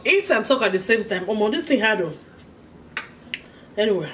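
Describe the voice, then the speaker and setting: A woman's voice: mid-range voice, big pitch swings, fairly bright tone. A woman from Nigeria with a Nigerian English accent, hosting a casual mukbang, telling a story while eating and humming over her food. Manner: chatty and storytelling, pausing to eat with hums of enjoyment. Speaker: vlogger, host of the channel. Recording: slightly distant mic with faint background noise.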